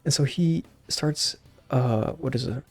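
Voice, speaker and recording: A man's voice: medium pitch, slow pace, vocal fry, husky, soft background music. A young man casually recapping a movie, rambling with lots of slang and fillers. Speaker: channel host.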